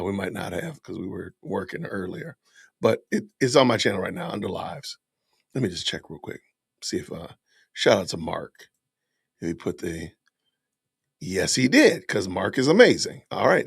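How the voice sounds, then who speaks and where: A man's voice: mid-range voice, creaky, husky, dry recording, studio quality. A man hosting a live stream, upbeat and chatty, addressing viewers directly. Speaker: podcast host.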